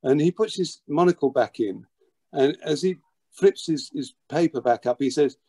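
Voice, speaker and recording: An older man, telling a childhood story as an interview guest, lively and full of restarts and repeated words. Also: on the high side, moderate pace, husky. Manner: animated, repeats words while acting out a story. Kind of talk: anecdotal storytelling.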